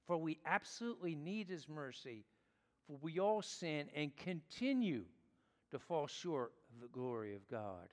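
Preaching a sermon unhurriedly and earnestly, a pastor lingers on the words he wants to stress, his voice a bit high for a man with lively intonation. Long reverb trails after him, as if in a large hall.

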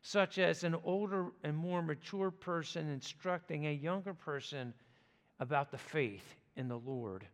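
A male pastor delivers a sermon in a slow, deliberate cadence, leaving pauses between phrases. His voice sits a little high for a man. The sound rings with the long reverb of a church sanctuary.

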